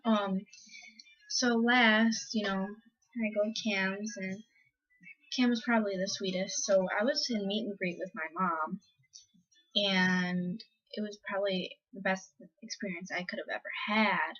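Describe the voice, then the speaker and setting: A woman's voice: mid-range voice, steady tone, measured pace, fairly bright tone. A teenage girl vlogging, telling a story casually with many fillers and acted-out quotes. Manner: chatty, lots of "like" and "um", acts out quotes. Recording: slightly dull lo-fi audio.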